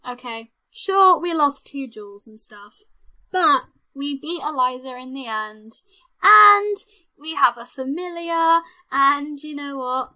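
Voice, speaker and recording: Young woman, gaming host; high, very bright, lively voice with big swings, unhurried pace. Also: poor audio. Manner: excitable, squealing and shouting at game events. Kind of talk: let's play commentary.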